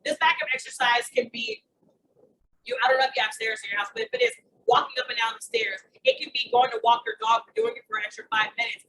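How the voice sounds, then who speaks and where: A woman's voice: on the high side, big pitch swings, fast talker. A woman in her thirties giving an emphatic coaching talk, repeating mantras and calling out "y'all". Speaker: wellness coach. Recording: distant mic, clear background noise.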